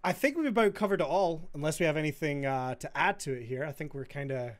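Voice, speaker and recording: A man hosting a podcast in casual chat, chatty and quick to laugh as he retells stories. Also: on the high side. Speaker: podcast host.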